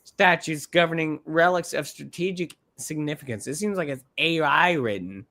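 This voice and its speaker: A man co-hosting a casual live podcast, reading a document aloud and breaking in with animated, swearing asides. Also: a little high, normal speed. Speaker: podcast co-host.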